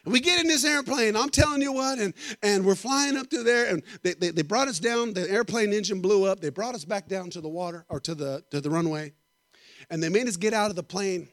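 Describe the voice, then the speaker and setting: A middle-aged man preaching a sermon, telling animated stories and joking with the congregation. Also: sits high, a little fast, dry recording. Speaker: guest preacher. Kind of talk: storytelling sermon.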